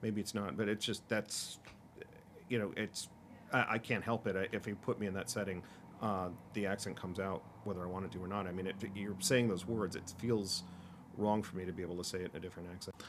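A man's voice: deep voice, steady tone, fairly quick, a little hiss or hum. A man co-hosting a podcast, talking casually and rambling with lots of fillers and restarts. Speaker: podcast co-host. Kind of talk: casual chat.

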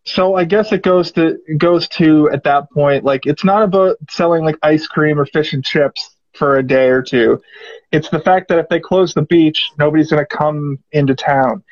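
A man's voice: a little high, moderate pace, lo-fi sound. A man hosting a casual movie discussion podcast, rambling with lots of fillers. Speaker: podcast host.

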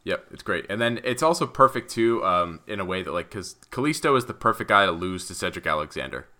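A man co-hosting a casual podcast chat, cursing and ranting with lively exasperation. His voice is bright and forward, and it sits a little low for a man. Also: fairly quick. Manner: profane, ranting, animated. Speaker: podcast co-host.

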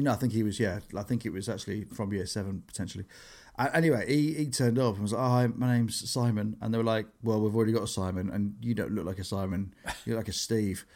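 A man, a comedian telling stories in casual podcast chat and acting out what people said. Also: on the low side. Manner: animated storytelling, acts out quotes.

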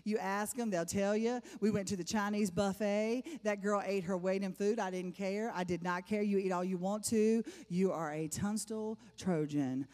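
A woman's voice: medium pitch, fairly even intonation, moderate pace, hardly any pauses, a little mellow. A middle-aged woman giving a personal testimony to a church congregation, emphatic and repeating phrases for effect. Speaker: church speaker. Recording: long reverb of a large hall.

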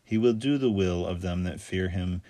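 A man reading scripture aloud in a steady, measured recitation. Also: low-pitched, no echo. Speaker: scripture reader.

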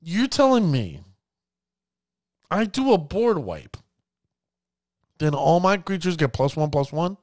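A man giving casual commentary on card games, addressing his viewers as ladies and gentlemen and acting out players' reactions. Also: fairly high pitch, very animated, slow, pauses often, no echo, studio quality. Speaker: card game content creator.

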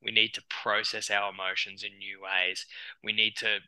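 Bright-voiced Australian man, animated and chatty. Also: fairly low pitch, moderate pace, smooth, no echo, low-quality recording. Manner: animated, acts out clients' inner voices, many restarts. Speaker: psychologist guest. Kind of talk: conversational podcast interview.

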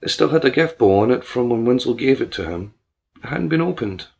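A man reading a scripted serial story aloud in an even, steady manner. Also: medium pitch, brisk, creaky, husky.

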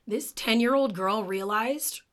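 A woman's voice: on the high side, unhurried, fairly bright tone. A young woman recounts a true crime case on a podcast in a loose, conversational way. Her speech is full of "like," the odd swear word and open emotion about the story.

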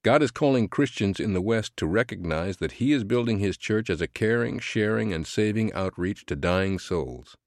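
Deep-voiced man narrating an audiobook. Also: no echo, studio quality. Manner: earnest, measured, preaching tone.

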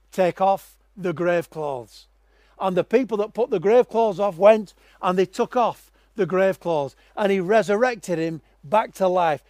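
A man preaching a sermon, telling stories dramatically and swinging from quiet, low passages to loud, raised ones. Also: no room sound.

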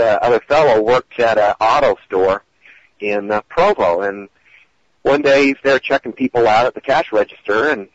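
A man's voice: medium pitch, dry recording, muffled recording. A man telling stories in a casual podcast, rambling with many hesitations and acting out the quotes.

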